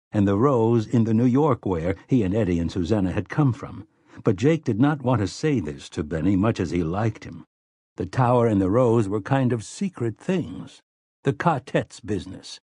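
A man narrating an audiobook in a measured, even storytelling manner. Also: on the low side, slightly rough, no room sound, clean studio sound. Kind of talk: scripted narration.

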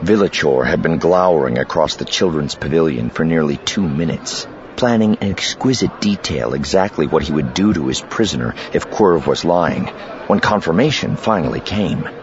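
A man reading an audiobook as the narrator, with an expressive, dramatic delivery, in a dull lo-fi recording. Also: very deep voice, moderate pace, background noise. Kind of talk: scripted narration.

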